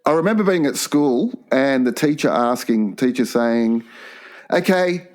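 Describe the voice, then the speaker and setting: A man's voice: mid-range voice, lively intonation, unhurried, darkish tone. A man co-hosting a comedy podcast, telling crude anecdotes with laughter. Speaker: podcast co-host. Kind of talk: comedic storytelling.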